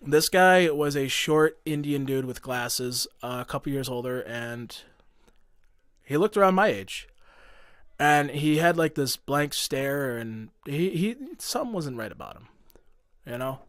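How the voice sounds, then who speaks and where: A man's voice: mid-range voice, expressive, measured pace, fairly bright tone, no room sound, clean studio sound. A young man telling a long personal story in a casual podcast chat, heated and profane, full of fillers and restarts. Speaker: podcast guest.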